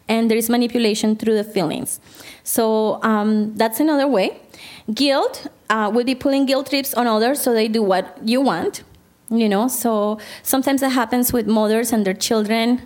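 Speaking at a moderate pace, this therapist has a fairly high pitch and a darkish tone. Her Christian counseling talk to a group is conversational, and she frequently asks the audience questions.

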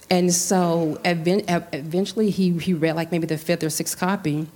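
A woman's voice: lowish voice, moderate pace, a little mellow. A woman from Central California earnestly telling a family story in a casual discussion, with restarts and quoted dialogue.

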